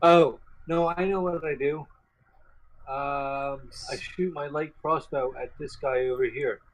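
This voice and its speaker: A man's voice: a little high, steady tone, unhurried, poor audio. A man playing a tabletop game, hesitant and apologetic, with many fillers. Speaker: player. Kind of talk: casual game chat.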